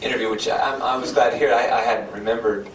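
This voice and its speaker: A man's voice: medium pitch, fairly even intonation, quick pace. A man giving a self-deprecating, informal talk as a guest speaker, full of fillers and restarts. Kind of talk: informal lecture. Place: lecture hall. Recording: echoey hall from far off, noisy.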